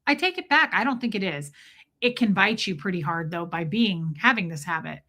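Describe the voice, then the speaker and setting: A woman's voice: mid-range voice, animated, brisk, pushed and bright. A middle-aged woman hosting a casual livestream, chatting confidingly and greeting viewers by name. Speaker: livestream host.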